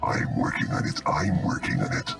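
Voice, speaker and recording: An actor voicing a mocking, unstable computer glitch in a video game, with a deep, distorted voice and a taunting manner. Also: male voice, normal speed, a bit bright, distant mic, lightly acted. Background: game music.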